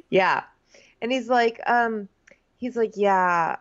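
A woman's voice: a little high, a bit bright. Wry woman, dull lo-fi sound. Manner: wry, teasing, quotes people in mock voices. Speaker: podcast co-host. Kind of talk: casual chat recapping a reality show.

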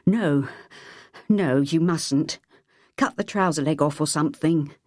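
A man's voice: a little high, a little slow, no room sound, studio quality, lightly acted. A woman reading an audiobook, voicing a nervous, downtrodden older man who speaks small and hesitant. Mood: anxious. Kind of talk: audiobook character voice.

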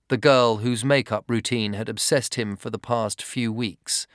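A man reading a story aloud in a measured storytelling manner. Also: mid-range voice, a bit bright, no echo, clean studio sound. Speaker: narrator. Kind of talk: scripted narration.

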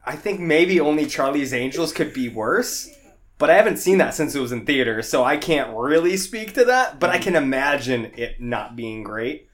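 A male podcast co-host has a sing-song, medium-pitched voice and talks at normal speed. He chats casually about a movie, laughing often and drifting into tangents with plenty of fillers.

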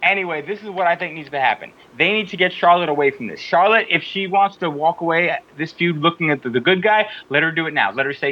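A man's voice: on the high side, fast talker, few pauses, dull audio. Opinionated male podcast host. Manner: animated, rambling, opinionated. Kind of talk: casual opinionated chat.

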